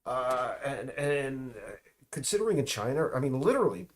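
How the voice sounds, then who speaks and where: His pitch is ordinary but swings widely as he rambles through a loose monologue at a moderate pace. Frequent restarts, trailing asides, and dry, mocking comments mark the way he talks.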